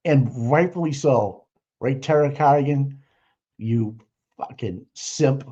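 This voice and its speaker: A man's voice: medium pitch, slow pace, warm tone, slightly rough. A man hosting a livestream, giving mocking, profane running commentary on trial footage. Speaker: livestream host. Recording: muffled lo-fi audio.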